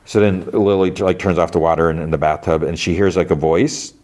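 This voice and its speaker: A man's voice: sits low, steady tone, a little fast, darkish tone. A man hosting a podcast, casually retelling a TV episode scene by scene and quoting the characters in a raised voice. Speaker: podcast host.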